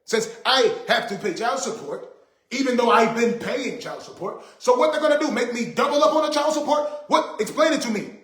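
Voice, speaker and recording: A man's voice: very high voice, brisk, fairly bright tone, roomy sound. A man hosting a casual livestream, talking to viewers in an emphatic, repetitive, indignant way. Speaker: livestream host.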